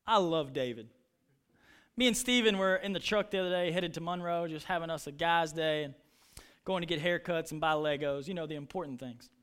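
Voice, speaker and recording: A man's voice: a little high, fairly quick, a bit bright, clear, resonant tone. A man preaching a sermon as pastor, telling stories and acting out lines with passion. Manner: impassioned preaching, retelling stories with voices.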